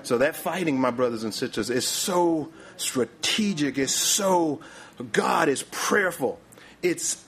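A man's voice: fairly high pitch, expressive, slow, fairly bright tone. A man preaching a sermon, often stopping to say "my, my, my" and asking for the next slide. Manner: repeats "my, my, my", calls for the next slide.

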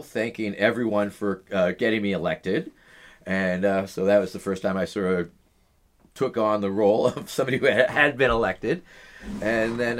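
A middle-aged man speaks in a low, deep register as an interview guest. His storytelling is loose and rambling, and many uh and um fillers fill the pauses between his thoughts.

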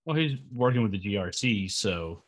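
A man's voice: lowish voice, lively intonation, normal speed. An American man co-hosting a casual podcast, rambling with many fillers. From United States. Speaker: podcast co-host. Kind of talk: casual chat.

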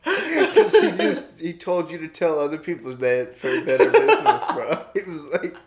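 A young man in casual podcast chat, relaxed, laughing often and saying "bro". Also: on the high side, normal speed, noisy background. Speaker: podcast co-host.

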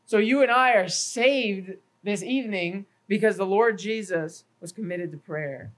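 A man's voice: high-pitched, unhurried, fairly bright tone, poor audio. A man, a pastor, preaching an earnest sermon at a church evening service, working through numbered points and scripture references, sometimes stumbling and repeating a word. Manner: stumbles and repeats words now and then.

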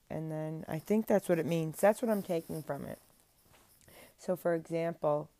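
A young woman with a lowish voice talks at home in a rambling, earnest way, restarting her sentences and leaning on "like." The sound is dry and close, with almost no room echo. It has the feel of a casual faith vlog. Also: a little mellow. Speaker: faith vlogger. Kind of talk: casual spoken faith monologue. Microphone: speaking into a mic.

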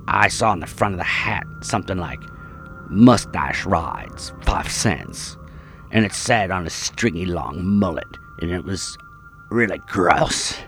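A man narrating a spooky story in a hushed, dramatic way, often dropping to a whisper, with music behind. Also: deep voice. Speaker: narrator of listener horror stories.

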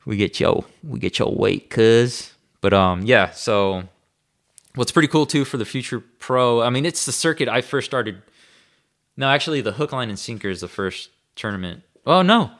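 A man's voice: medium pitch, normal speed, fairly bright tone. A man talking casually to the camera about fishing, in a laid-back, slangy way with frequent chuckles. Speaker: bass fishing angler. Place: room at home.

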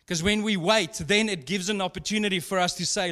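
A man with a high, bright, forceful voice preaches briskly as a pastor, his tone steady and his pauses few. He tells chatty, humorous stories full of asides and laughter, echoing with long hall reverb.

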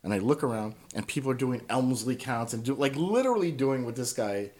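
A man's voice: medium pitch, animated, fairly quick, darkish tone. A man telling stories as a podcast guest in casual conversation, swearing freely and tagging his points with "right?".

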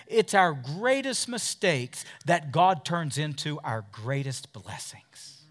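High, lively-voiced fervent preacher man. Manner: fervent preaching with call-and-response, swinging from loud peaks to hushed asides. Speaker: pastor. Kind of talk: sermon. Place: church service with a congregation.

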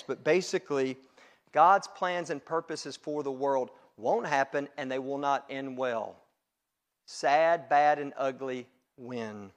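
A man preaching a sermon to his congregation, building to loud emphatic peaks and then dropping low. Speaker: pastor.

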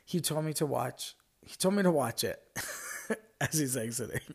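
A man hosting a podcast works through listener stories in a loose, rambling style full of fillers and side comments, laughing often. His mid-range voice has lively intonation, a creaky quality, and a breathy edge, at a moderate pace.

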